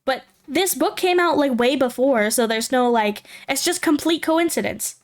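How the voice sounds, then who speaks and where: Her voice sits high and moves at normal speed. The young woman streamer plays a game while chatting and thinking out loud in a casual way, giggling frequently.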